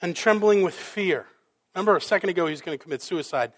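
High-voiced preaching man, dramatic delivery. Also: fast talker. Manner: dramatic, rhetorical questions, shifting loud and soft. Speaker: pastor. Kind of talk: sermon.

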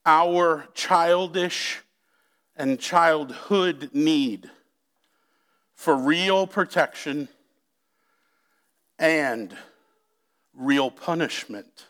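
Slow, emphatic preaching man. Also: a little high, a bit bright. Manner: slow, emphatic preaching with drawn-out key words; addresses congregation directly. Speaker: pastor. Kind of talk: sermon.

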